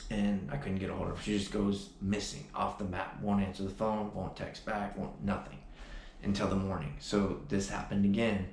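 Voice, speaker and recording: Brief: a man with a deep, gravelly voice in an emphatic personal vlog, roomy echo. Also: little pitch movement, normal speed, darkish tone. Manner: emphatic storytelling with frequent restarts and "like". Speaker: vlogger. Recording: echoey room, faint background noise.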